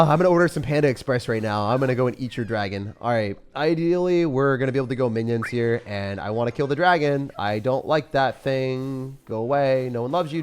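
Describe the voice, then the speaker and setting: A young man giving excitable, jokey commentary over his own gameplay, swinging from loud hype to low mutters. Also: clean tone. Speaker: gaming commentator.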